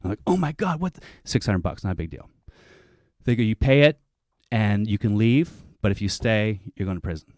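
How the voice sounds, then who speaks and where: Man, lowish voice, dry close sound, animated comic storyteller, swears a lot. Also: brisk, no echo. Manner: animated, swearing, acts out other people's lines. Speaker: comedian telling a story. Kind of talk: comedic storytelling on a panel show.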